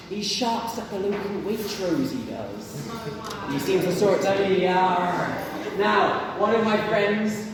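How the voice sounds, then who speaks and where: A young man doing a stand-up routine, telling rambling, jokey stories on a stage mic. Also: high voice. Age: young adult. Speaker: stand-up comedian. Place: university comedy gig venue indoors. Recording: echoey hall from far off with audience.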